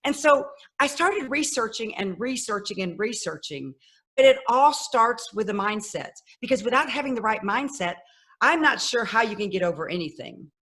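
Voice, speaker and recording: A woman in her fifties, a podcast guest telling her life story in a lively way and acting out the voices of people she quotes. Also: on the high side, normal speed. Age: 50s. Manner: animated, acts out quoted voices. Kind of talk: personal storytelling.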